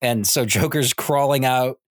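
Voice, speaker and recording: A man's voice: mid-range voice, a little slow, dry recording, studio quality. A man co-hosting a podcast, retelling a comic book story in a rambling, filler-heavy way. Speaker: podcast co-host. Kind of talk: casual comic book chat.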